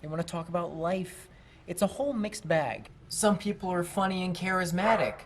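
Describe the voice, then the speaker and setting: A young man who works in a shoe store, telling work stories in a casual vlog. He is animated and swears freely, and he acts out what people said. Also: high voice, normal speed. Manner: animated, profane, acts out quoted lines. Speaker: retail shoe store worker.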